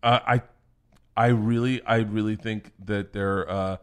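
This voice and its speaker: Comedian guy telling stories, swears a lot, gets loud, keeps laughing. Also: fairly low pitch, measured pace, clean tone. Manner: animated, profane, laughs while telling stories. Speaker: podcast guest, comedian. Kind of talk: casual storytelling.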